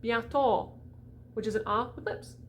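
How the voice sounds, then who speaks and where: A woman voice coach giving a chatty, animated diction lesson for singers, demonstrating each sound. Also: on the high side, normal speed, a little hiss or hum.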